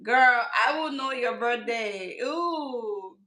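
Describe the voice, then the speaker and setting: A woman's voice: on the high side, lively intonation, slow pace, pushed and bright, roomy sound, rough recording. A woman hosting a casual skincare channel chat, teasing her friend and laughing often.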